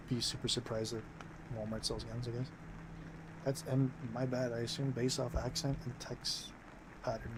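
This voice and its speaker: A young American man chatting casually on stream in a mid-range voice, rambling and restarting his sentences with lots of fillers. A faint noise sits under his voice. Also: mid-range voice. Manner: rambling, filler-heavy, self-interrupting.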